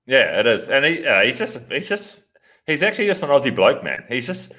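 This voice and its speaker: A man's voice: medium pitch, very animated, a little fast, pushed and bright. A man co-hosting a podcast, chatting enthusiastically and swearing freely. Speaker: podcast co-host. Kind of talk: casual podcast banter.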